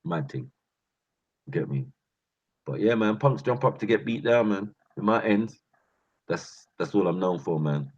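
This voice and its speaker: A man telling boastful street stories in a casual, slangy, animated vlog. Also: lowish voice, unhurried, vocal fry, pauses often, breathy edge. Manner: animated, slangy, boastful, breaks into laughs and sound effects. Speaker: channel host. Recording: muffled lo-fi sound.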